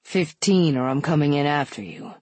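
A woman's voice: deep voice, lively intonation, moderate pace, darkish tone, no room sound. Woman reading a teasing, commanding male lover. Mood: teasing, urgent.

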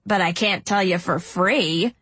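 A woman's voice: lowish voice, fairly bright tone, breathy edge, no room sound. Woman doing a drawling, scheming homeless street woman. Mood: wheedling. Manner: slow, drawling, chiding bargainer. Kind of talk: audiobook narration.

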